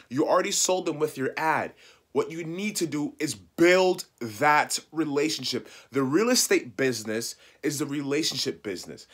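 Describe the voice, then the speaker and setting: A man in the middle of the usual pitch range coaches loan officers straight to camera. He talks emphatically, keeps repeating his points and begs his listeners to follow his advice. Now and then he acts out sample phone calls and messages. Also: a bit bright, breathy edge. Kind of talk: direct-to-camera teaching talk.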